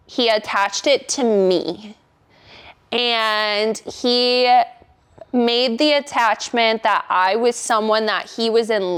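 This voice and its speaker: A woman's voice: fairly high pitch, clear, resonant tone. A young woman telling a wild story in casual, profane chat, full of "like" and vivid quoted lines. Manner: animated, profane, heavy use of "like".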